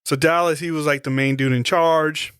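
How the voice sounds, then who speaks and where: A man chatting casually on a podcast, his voice a little higher than most men's. He retells a movie scene in a laid-back, cussing way. The sound is close and dry. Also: fairly even intonation, normal speed, a bit bright, smooth, no room sound. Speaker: podcast co-host.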